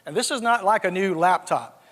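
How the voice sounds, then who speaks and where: A Southern-accented man in his sixties gives a keynote full of folksy jokes. He often repeats a word as he starts a thought. His voice sits high for a man and carries a long reverb from a big hall. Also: animated, normal speed, fairly bright tone. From South Georgia, USA. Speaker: conference speaker. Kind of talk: storytelling keynote speech. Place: large conference hall.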